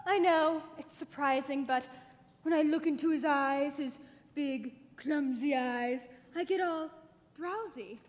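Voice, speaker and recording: A young woman plays a drowsy, tipsy chaperone who drawls slowly in a fairly high voice. Her lines ring with stage reverb and a little hiss. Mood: languid. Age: teens. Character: tipsy, drowsy, worldly older female chaperone. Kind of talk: stage musical acting.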